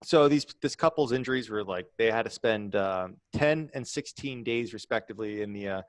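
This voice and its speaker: A man's voice: lowish voice, moderate pace, no room sound. Chatty man co-hosting a podcast. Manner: rambling, lots of fillers and restarts. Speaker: podcast co-host. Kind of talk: casual chat.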